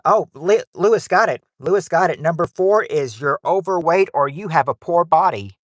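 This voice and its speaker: A man's voice: a little high, animated, moderate pace, a bit bright, no room sound. Guy running a game night stream off his phone, rambly, reads out chat names, dry close sound. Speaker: game night livestream host. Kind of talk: casual livestream chat.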